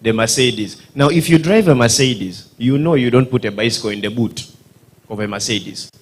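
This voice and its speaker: A man's voice: mid-range voice, normal speed, breathy edge. A man with a Ugandan accent, doing stand-up comedy storytelling at a dinner event, acting out voices and sound effects and quizzing the audience. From northern Uganda.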